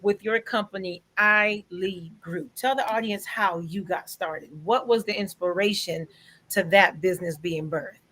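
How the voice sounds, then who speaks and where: A woman's voice: medium pitch, unhurried, a bit bright, poor audio. A woman hosting a panel interview in a familiar, chatty manner. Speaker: host.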